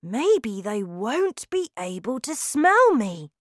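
A woman's voice: fairly high pitch, very animated, takes it slowly, no echo, studio quality, voice pushed up. Woman doing a worried little boy. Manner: anxious, hushed. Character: worried young boy thinking aloud. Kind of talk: storybook reading.

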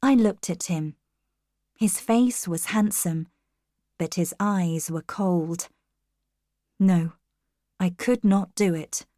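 A woman narrating a storybook in the first person, reading clearly and carefully. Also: lowish voice, takes it slowly, pauses often, mellow, no room sound, studio quality. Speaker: audiobook narrator.

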